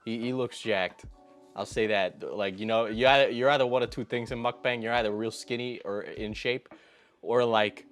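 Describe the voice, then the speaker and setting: A man's voice: medium pitch, steady tone, moderate pace, a bit bright, faint music behind. A young man giving comedic reaction commentary in an exasperated, sarcastic, ranting manner. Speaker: YouTube commentator.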